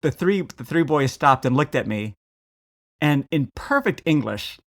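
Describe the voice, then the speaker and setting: An American man co-hosting a podcast, chatting casually and telling a lively travel story with animated quotes. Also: a little high, unhurried. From United States. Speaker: podcast co-host. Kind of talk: casual chat.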